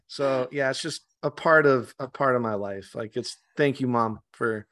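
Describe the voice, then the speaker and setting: A man talks in an easygoing, conversational way as a podcast guest. He speaks at a medium pitch, swears freely and often stumbles and restarts mid-sentence. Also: normal speed, fairly bright tone. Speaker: meditation guide guest. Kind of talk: casual interview chat.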